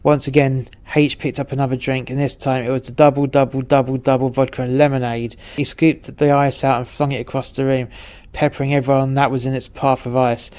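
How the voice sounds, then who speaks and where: A man tells a rowdy story in a deadpan, profane manner. His delivery stays flat, with little rise or fall in pitch. His pitch sits in an ordinary middle range. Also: fairly quick, clear, resonant tone. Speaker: narrator. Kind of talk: storytelling narration.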